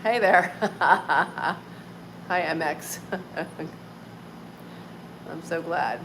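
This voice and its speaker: A woman's voice: lowish voice, very slow. A woman in her forties hosting a casual livestream from home, chatting with viewers, laughing often and filling with "like" and "um". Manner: chatty, laughs often, uses many fillers. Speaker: livestream host. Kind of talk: casual live-stream chat with viewers. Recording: clear background noise.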